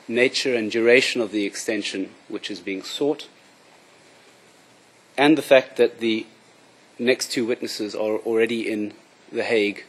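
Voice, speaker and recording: A man making a formal, measured courtroom submission as prosecution counsel. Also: fairly low pitch, breathy edge.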